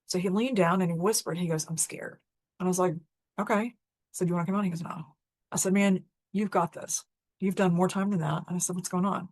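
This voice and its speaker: A woman hosts a spiritual talk, speaking in an earnest and candid conversational way. Her voice sits on the low side. The recording is dry and close, with no room sound. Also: fairly even intonation, rapid-fire, a little mellow, no room sound. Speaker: host. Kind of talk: personal storytelling and spiritual teaching.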